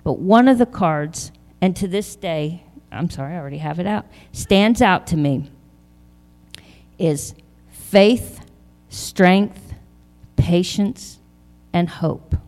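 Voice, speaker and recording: A middle-aged woman giving a personal testimony in a church hall, halting and emotional, often repeating her words. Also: fairly low pitch, lively intonation, darkish tone. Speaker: church member sharing testimony.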